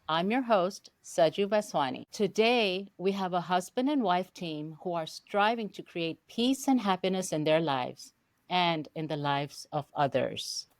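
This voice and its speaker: A woman's voice: fairly low pitch, no echo. An older woman hosting an interview podcast, welcoming her guests formally and asking questions. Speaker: podcast host. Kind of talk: hosted interview.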